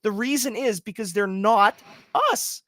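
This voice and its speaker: A man's voice: high-pitched, a little slow, sharp tone, no echo, studio quality. A man co-hosting a podcast in casual chat, ranting in a heated, emphatic way and swearing freely. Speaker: podcast co-host.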